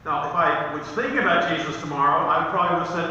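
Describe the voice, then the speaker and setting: Pastor, man, high and bright voice, conversational sermon with emphatic peaks, recorded from a distance in a reverberant church hall. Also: fast, slight background noise. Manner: conversational preaching with personal stories, rising to emphatic peaks. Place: church sanctuary. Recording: echoey church hall, distant mic, slightly dull.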